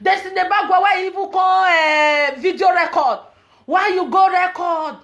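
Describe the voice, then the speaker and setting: Woman, Nigerian Pidgin accent, vlogger, very high pitch, emphatic ranting delivery. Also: normal speed, highs cut off. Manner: emphatic, repetitive, loud outbursts. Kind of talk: ranting commentary.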